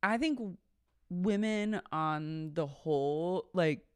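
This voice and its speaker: Animated podcast co-host in a dry room. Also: medium pitch, clean tone, no room sound. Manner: fast, animated, with heavy filler "like". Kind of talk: casual chat, recapping a reality show.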